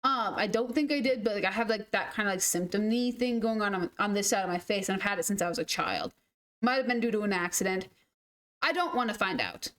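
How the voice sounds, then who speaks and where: A woman's voice: mid-range voice, sing-song, brisk, fairly bright tone. A woman in her twenties, a game streamer, chatting casually through rambling, self-deprecating stories. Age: 20s. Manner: rambling, self-deprecating, mimics others in quotes. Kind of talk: casual storytelling chat.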